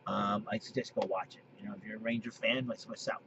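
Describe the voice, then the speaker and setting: A man in his late thirties talks casually as a video host, rambling, restarting his sentences and clearing his throat. The recording is dull and lo-fi with a faint hiss behind him. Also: lowish voice, fairly even intonation, fast, fairly bright tone. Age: 30s. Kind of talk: casual monologue to camera. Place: basement.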